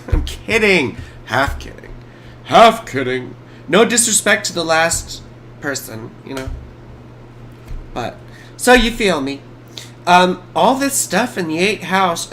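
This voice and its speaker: A woman's voice: on the low side, a bit bright, slight background noise. A woman in her forties, an astrologer giving chatty, playful live chart readings on a stream.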